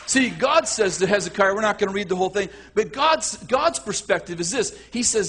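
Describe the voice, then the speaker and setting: A male preacher giving a lively sermon, acting out voices and often restarting his sentences. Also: high-pitched, fairly quick, few pauses. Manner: animated, acts out voices, self-correcting.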